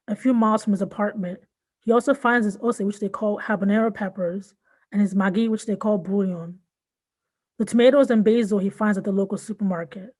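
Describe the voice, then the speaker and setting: A woman from Nigeria and Southern California reading her own fiction aloud in a measured, even way. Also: medium pitch. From born in Nigeria, raised in Southern California. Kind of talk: literary reading.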